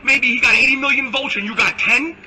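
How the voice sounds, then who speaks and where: A high-pitched, sharp-toned man rants loudly and insults people freely. His voice is very bright and forceful. A faint noise sits behind him. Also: a little fast, poor audio. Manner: brash, loud, insulting, animated ranting. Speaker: political commentator in a clip. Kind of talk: ranting political monologue.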